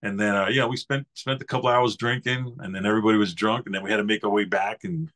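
A man in his fifties from New York talks in a fairly low voice as a podcast guest. He tells his stories in a loose, easygoing way and wanders from one memory to the next like a casual storyteller. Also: steady tone, quick pace, fairly bright tone. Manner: rambling anecdotal storyteller, easygoing. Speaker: podcast guest, former Marine.

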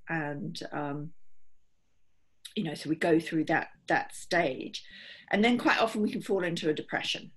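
A woman's voice: low-pitched, gravelly, husky. A middle-aged woman, a holistic therapist, explaining earnestly and steadily in an interview, often voicing what her clients think.

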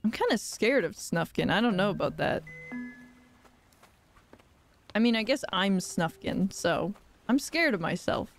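A young woman live-streaming a game playthrough, playful and giggly, reacting out loud. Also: mid-range voice, animated, normal speed.

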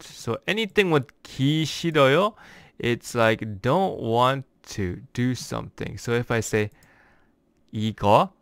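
A man with a smooth, clear voice of middle pitch teaches in a relaxed, casual way. He breaks phrases apart word by word and slows down to spell out examples. The sound is dry and close, with no room echo. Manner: explains word by word, slowing down for examples. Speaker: language teacher. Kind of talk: casual language lesson.

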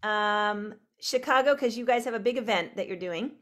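A woman's voice: mid-range voice, normal speed, a bit bright. A woman hosting an online video call, greeting viewers one by one by name in a bubbly, rambling way, laughing often. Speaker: host.

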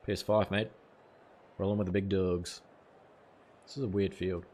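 Laid-back streamer, fairly low voice. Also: male voice, little pitch movement, normal speed, darkish tone, a little hiss or hum. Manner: casual, swears, chats back to viewers. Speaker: gaming streamer. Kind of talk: live game stream commentary.

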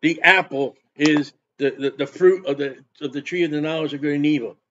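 A man preaching a sermon, quoting scripture with emphatic outbursts and quieter asides. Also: a little high, steady tone, a little fast, a little hiss or hum. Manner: emphatic, repetitive, switches between loud outbursts and quiet asides. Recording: dull lo-fi recording.

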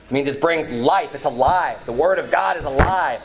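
A pastor preaching a sermon in church, reading scripture aloud with some restarts and fillers. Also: male voice, fairly high pitch, brisk, hardly any pauses, over music. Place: church sanctuary.

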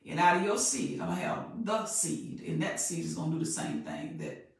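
A woman preaching a sermon in an emphatic, repetitive way that builds in loudness. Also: sits low, wildly swooping pitch, moderate pace, creaky. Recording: very echoey room, voice far from mic.

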